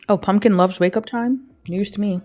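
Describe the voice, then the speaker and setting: Woman gameplay host, casual chatty commentary, quick voiced asides. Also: mid-range voice, a little mellow. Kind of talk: casual let's-play commentary.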